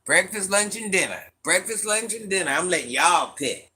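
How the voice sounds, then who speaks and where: A man hosts a live stream and responds playfully to chat, speaking with a mixed country accent. His voice is high-pitched, expressive and sharp in tone, delivered at a normal speed.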